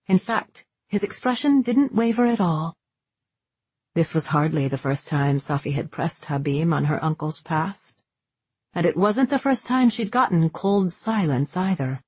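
A woman narrates a fantasy novel in a slow, unhurried way. Her voice sits a little low and has a soft husky edge. The recording is close and dry, with no room sound. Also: animated, no echo. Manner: measured, unhurried storytelling. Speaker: audiobook narrator.

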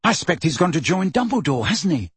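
A man's voice: high voice, sing-song, brisk, fairly bright tone, breathy edge, dry recording, pitched above the performer's own voice, exaggerated voice. Man doing Ron, an anxious teenage boy. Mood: uneasy. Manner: alarmed, uneasy.

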